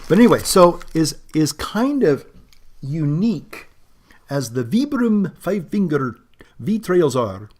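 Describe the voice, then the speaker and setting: A man's voice: fairly high pitch, big pitch swings, slow, darkish tone, pitched above the performer's own voice, full character voice. A man doing a Scottish lad. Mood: playful. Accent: Scottish, put on. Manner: playful put-on brogue.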